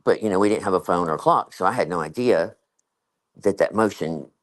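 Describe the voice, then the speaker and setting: A man's voice: sits low, brisk. Rambling man chatting casually. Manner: rambling, many fillers, laughs often. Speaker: guest. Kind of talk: casual chat.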